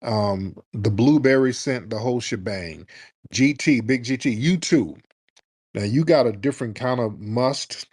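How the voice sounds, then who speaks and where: A man hosting a livestream call-in, mocking callers in an animated, sarcastic way with sudden high exclamations. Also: measured pace, husky, no echo, studio quality. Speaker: livestream host.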